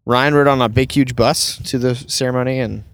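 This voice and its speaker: A man from the American South, hosting a casual podcast chat as a wedding photographer and telling lively anecdotes. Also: mid-range voice, fairly quick, no room sound. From Southern United States. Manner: chatty storyteller, acts out voices in anecdotes.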